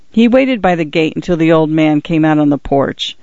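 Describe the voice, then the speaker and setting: A man narrating a story in a steady, even audiobook reading. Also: on the high side, normal speed, vocal fry, few pauses, no room sound. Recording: dull, lo-fi dry recording.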